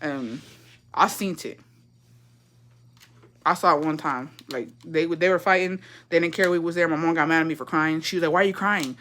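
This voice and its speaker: A young woman from Texas telling family stories in a casual chat, animated and profane, acting out what people said. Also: sits low, normal speed, pauses often. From Texas, USA. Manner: profane, animated, gossipy, acts out quotes. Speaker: storyteller.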